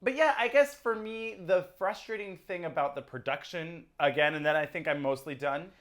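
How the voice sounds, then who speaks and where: Woman co-host, lower voice, chatty recap, laughs a lot. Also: moderate pace. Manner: chatty, laughs often, sums up the episode. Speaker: podcast co-host. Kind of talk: casual chat recapping a TV show.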